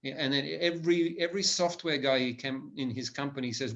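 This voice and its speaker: A man's voice: mid-range voice, fairly even intonation, a little fast, lo-fi sound. A man giving a lecture to business leaders in an enthusiastic way, often restarting his sentences and adding "right?" tags. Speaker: business speaker.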